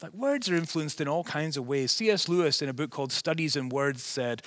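A man from Scotland with a softened Scottish accent that is partly American, preaching an earnest, conversational sermon and asking his listeners rhetorical questions. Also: a little high, expressive, fast, hardly any pauses, no echo. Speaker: pastor.

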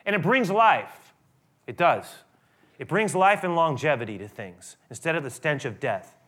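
Bright-voiced male pastor preaching. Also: a little high, expressive, normal speed. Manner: conversational preaching, restarts, rises to emphatic peaks. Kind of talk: sermon.

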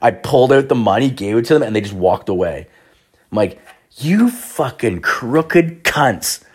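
A man's voice: on the low side, quick pace, mellow, husky. A young man telling a rambling, profane personal story in casual chat. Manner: profane, rambling, many restarts and fillers.

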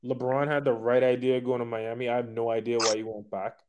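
A man co-hosting a podcast, ranting in profane, animated casual chat. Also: mid-range voice, fairly quick, noisy background. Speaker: podcast co-host.

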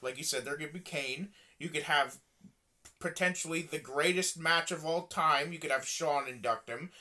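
A podcast co-host in a casual wrestling chat, riffing excitedly and swearing. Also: mid-range voice, normal speed.

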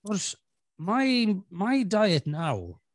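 A man's voice: sits high, very animated, extremely slow, dry recording. An Irish man hosts a casual podcast chat in a slightly raised voice. He talks frankly, swears freely and trips over restarts. A throaty cough lingers from a chest infection, and the sound is dry and close. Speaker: podcast host.

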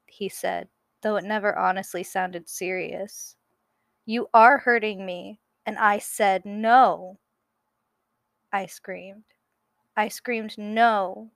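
A young woman reading her own writing aloud, slowly, with self-deprecating nervous jokes in between. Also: mid-range voice, no room sound, studio quality.

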